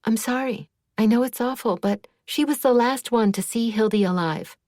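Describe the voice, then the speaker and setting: A woman voicing an outspoken young woman, grieving and sharp, in an audiobook. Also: on the high side, normal speed, no room sound, studio quality, voice pushed up, lightly acted. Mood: upset. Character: blunt, stalwart young woman, grieving and angry.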